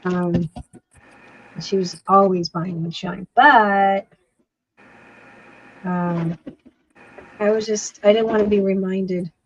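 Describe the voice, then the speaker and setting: A woman's voice: medium pitch, steady tone, slow pace, long pauses, muffled recording, a little hiss or hum. A woman hosting a casual craft livestream, chatting and rambling as she works, often breaking off mid-sentence. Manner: chatty, rambling, self-interrupting.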